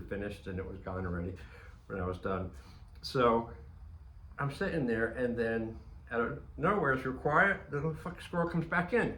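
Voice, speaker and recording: A man tells a loose, meandering story, full of restarts and casual swearing. His voice is bright and forceful. The room around him is echoey, with a faint hum of ambience behind. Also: medium pitch. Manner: rambling, profane, frequent restarts and fillers. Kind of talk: casual anecdote.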